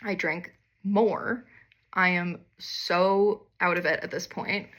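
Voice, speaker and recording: A woman's voice: on the low side, fairly even intonation, slow, fairly bright tone. A young woman telling a candid, wry personal story in a casual monologue, swearing freely and poking fun at herself.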